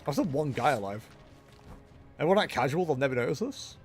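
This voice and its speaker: Lively, chatty male game streamer. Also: mid-range voice, quick pace, soft background music. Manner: chatty, self-mocking, jokey asides. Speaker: gaming livestreamer. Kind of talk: casual live commentary while playing.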